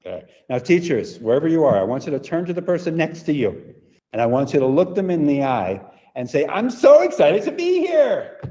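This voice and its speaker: Energetic man leading a teacher workshop. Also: mid-range voice, fairly quick, big-room sound, muffled recording. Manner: energetic, demonstrative, repeats "right?" often. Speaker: teacher trainer. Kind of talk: live online teacher workshop.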